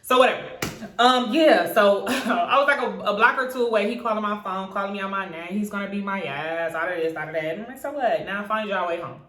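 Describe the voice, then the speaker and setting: A young woman telling a story to her camera in a casual, lively way. She swears freely and jumps high in pitch when she acts out what others said. The room around her sounds roomy and echoey, with a middle-pitched voice. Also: brisk, slight background noise.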